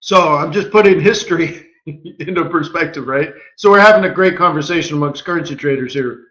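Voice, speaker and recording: A man hosting a live trading webinar as market strategist, talking in an animated way and tossing in rhetorical questions. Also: fairly high pitch, brisk, reverberant, highs cut off. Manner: animated, rhetorical, keeps asking "right?".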